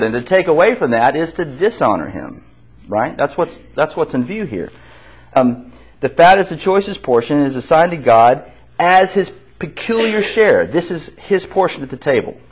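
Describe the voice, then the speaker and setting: A man's voice: on the high side, expressive, normal speed, husky. A man teaching an interactive Bible class. He poses questions to the group and repeats their answers back to them. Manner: conversational, with restarts. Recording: dull lo-fi classroom recording.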